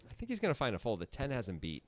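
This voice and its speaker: A man giving casual, chatty poker commentary with quick, lively reactions. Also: mid-range voice, a crowd in the background.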